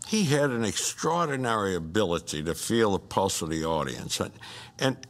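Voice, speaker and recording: A man's voice: sits low, sing-song, moderate pace. A man giving a documentary interview, earnest and sometimes searching for words as he reminisces.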